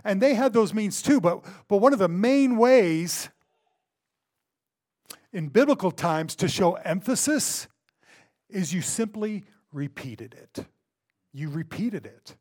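A pastor with a high male voice preaches slowly and expressively, pausing often. He emphasizes ideas by repeating words, shifting from loud bursts to hushed asides.

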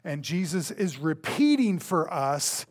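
A male pastor delivers a sermon in a somewhat high voice. He leans hard on his points, repeating words for stress. His delivery swings from loud, forceful bursts to quiet asides. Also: big pitch swings, slow. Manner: dramatic swings between loud and hushed.

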